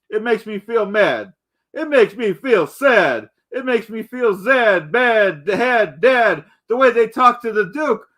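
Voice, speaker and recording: A man's voice: very high-pitched, fairly bright tone. A man in a rambling comedic rant, indignant and boastful, calling himself the Duke and stumbling over repeated words. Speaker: comedic ranter.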